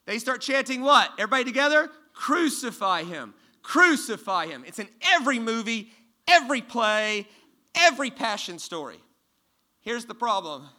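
Standing on a church stage, a male pastor delivers a sermon at a moderate pace with an animated, extremely high voice. He asks the congregation questions and moves from booming emphasis to quiet, hushed moments.

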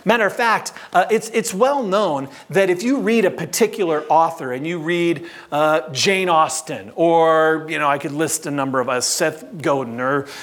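A man preaching a sermon as pastor, stressing words by slowing down and asking the congregation rhetorical questions. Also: a little high, a bit bright.

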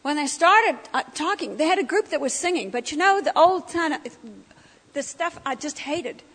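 In a church meeting hall with long reverb, a middle-aged woman delivers her testimony at a breakfast event, bringing the story to life and voicing what people said. Her voice is high-pitched, expressive and fairly bright, at a moderate pace.

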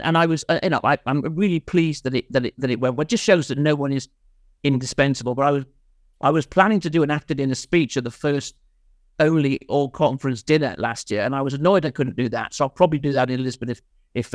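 A man's voice: on the high side, no room sound, studio quality. A man, a podcast guest, chatting casually and telling rambling, self-mocking stories with many restarts. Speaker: podcast guest, insolvency consultant. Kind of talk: casual storytelling chat.

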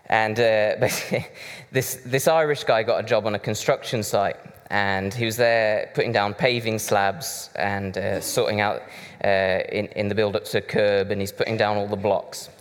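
Chatty preacher in a hall. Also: male voice, fairly low pitch, fairly even intonation, normal speed. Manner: conversational, chatty with asides. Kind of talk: sermon. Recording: reverberant hall.

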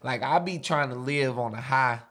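A man with a medium-pitched, ordinary voice adds dry joking asides to a casual podcast conversation. He talks in short, plain remarks. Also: moderate pace, fairly bright tone. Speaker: podcast co-host. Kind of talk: casual chat.

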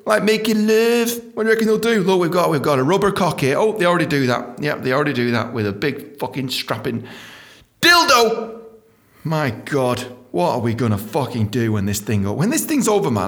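A man's voice: a little high, fairly bright tone. A male comedian, delivering a sweary, rambling comic monologue.

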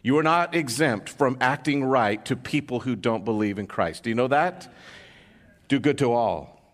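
An American pastor preaches a sermon, telling a story and putting rhetorical questions to the congregation. His medium-pitched voice is expressive and moves at a moderate pace, with long hall reverb in the recording.

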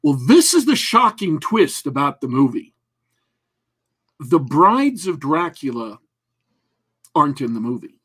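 A man's voice: a little high, big pitch swings, a little slow, pauses often, fairly bright tone, slightly rough. A man co-hosting a casual talk show, rambling and joking with many restarts. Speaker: podcast co-host. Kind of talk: casual chat.

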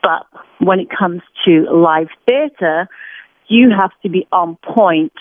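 A woman's voice: fairly low pitch, takes it slowly, no echo. Chatty British woman over a phone line. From Britain. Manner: chatty, animated storytelling with laughs. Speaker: podcast guest. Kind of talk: casual interview chat. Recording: tinny phone-line sound.

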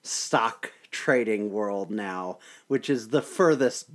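A man's voice: fairly low pitch, lively intonation, slow pace. A man co-hosting a podcast, telling a story in a wry, self-deprecating way. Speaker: podcast co-host. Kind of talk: casual podcast chat.

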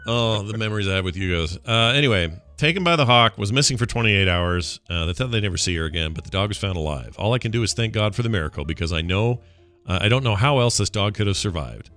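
A man co-hosting a comedy podcast, telling rambling stories and slipping into animated voices for the people in them. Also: on the low side, fast talker, soft background music. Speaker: podcast co-host. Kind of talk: casual comedic chat.

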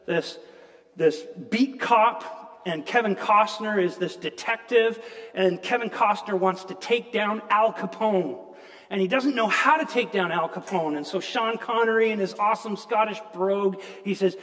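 A male pastor preaching a sermon in a church, earnest and conversational, with self-deprecating asides. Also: high voice. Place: church sanctuary. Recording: long church reverb.

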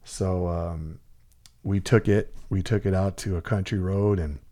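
A man's voice: sits low, steady tone, unhurried, dark tone. A middle-aged man from Central California telling a story in casual chat, rambling and profane, with lots of fillers and restarts.

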